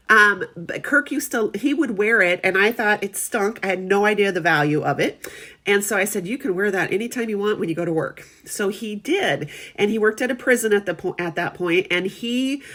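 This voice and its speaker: A woman's voice: mid-range voice, fairly bright tone. A middle-aged woman giving a casual product demonstration, chatty and friendly, often checking in with her viewers.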